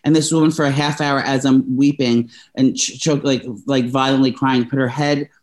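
In casual talk-show chat, a young co-host shares a lengthy personal story at normal speed, his middle-pitched voice keeping a level tone. He wanders and starts over frequently, and his emotion shows plainly.

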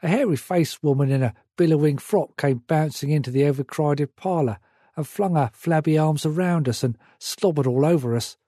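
Mellow, reflective male narrator. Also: on the high side, moderate pace, no room sound, studio quality. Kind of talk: audiobook memoir narration.

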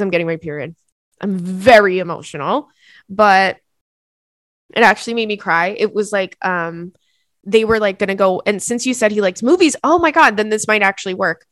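A woman's voice: mid-range voice, fairly bright tone, no room sound. A young woman hosting a podcast, chatting casually and emotionally, reading out listener letters with lots of fillers. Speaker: podcast host.

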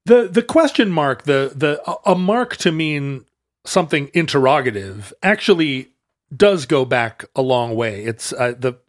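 A man's voice: medium pitch, lively intonation, measured pace, no room sound. Man musing in a dry room. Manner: musing, trails off and restarts mid-thought. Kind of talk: casual chat.

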